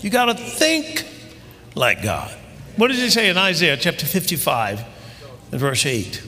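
A man preaching a sermon with fervor, reading scripture and building up to shouted, rising climaxes. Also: fairly high pitch, wildly swooping pitch, measured pace. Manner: fervent, building to shouting crescendos. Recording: long hall reverb.

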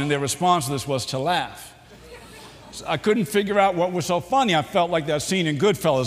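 A middle-aged man with a Boston accent giving a public speech, telling jokes and his own story with dramatic pauses and "uh" fillers. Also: sits high, lively intonation, a little hiss or hum. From New Bedford, Massachusetts. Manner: warm, joking delivery with dramatic pauses and frequent "uh" fillers. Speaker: keynote speaker. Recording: long hall reverb.

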